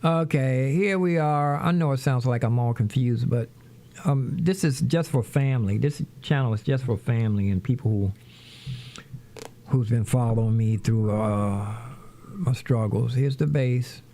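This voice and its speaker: A middle-aged man chats his way through a livestream from a home studio, rambling and casual, calling out to viewers as he works. His voice is mellow and relaxed, without much edge. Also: mid-range voice, measured pace. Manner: rambling, talks to viewers as "y'all". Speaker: livestream host, musician. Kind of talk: casual livestream chat while setting up music software.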